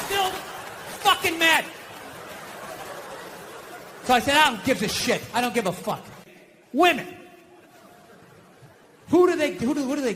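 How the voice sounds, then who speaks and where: A man doing a stand-up comedy routine, ranting with profanity in an exasperated, animated way. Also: very high voice, slight background noise.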